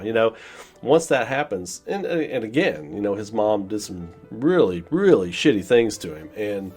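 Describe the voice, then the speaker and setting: A man's voice: fairly low pitch, very animated, normal speed, a little mellow, slightly rough, faint music behind. A man giving a casual, rambling film review, full of "you know" fillers and acting out scenes in quoted voices. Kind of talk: casual spoken movie review.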